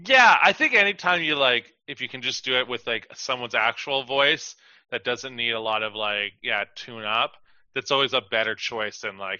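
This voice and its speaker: A man with a very bright, forceful voice chats as a podcast co-host, halting and filling gaps with "like". His mic sounds dull and lo-fi, and the sound is dead dry with no room. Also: mid-range voice, animated, clean tone, dry recording. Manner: halting, heavy use of "like". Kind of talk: casual chat.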